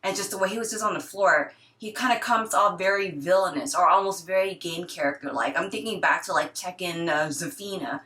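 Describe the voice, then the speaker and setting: A woman in her thirties, a retired dancer, reviewing a dance video in a casual, excitable way with gasps and rambling asides. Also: on the low side, brisk, hardly any pauses, roomy sound. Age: 30s. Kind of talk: casual reaction commentary.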